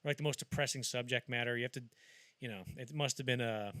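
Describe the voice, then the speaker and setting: A man's voice: medium pitch, fast, bright, forceful tone, dry recording. A man hosting a podcast, chatting casually about film history and acting out anecdotes as he rambles along. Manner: rambling storyteller who acts out quotes. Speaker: podcast host.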